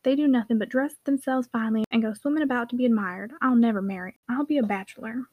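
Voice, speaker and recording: A woman's voice: fairly high pitch, fast talker, no room sound, narrow, tinny audio, natural voice. A woman voicing a cynical, swaggering schoolboy who speaks with scorn in a storybook reading. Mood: scornful.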